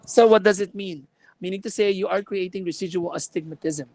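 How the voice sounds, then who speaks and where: A woman's voice: mid-range voice, fairly quick, darkish tone, no echo, rough recording. A woman lecturing a class on contact lenses, explaining with examples and checking that students follow.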